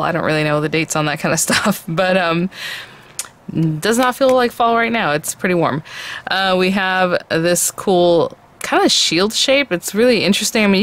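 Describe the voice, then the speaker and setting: A woman hosting a casual craft tutorial, chatting about each little piece as she shows it. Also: lowish voice. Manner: chatty, warm-hearted, calls pieces "little guy". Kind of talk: casual product demo.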